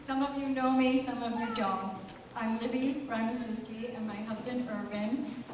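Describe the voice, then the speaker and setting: Older american lady telling a party story, kinda high voice, big echoey hall, noisy. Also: distant mic. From United States. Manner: soft-spoken, chatty, with restarts. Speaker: guest giving a speech. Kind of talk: anniversary party speech, storytelling. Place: large banquet hall. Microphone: far room microphone.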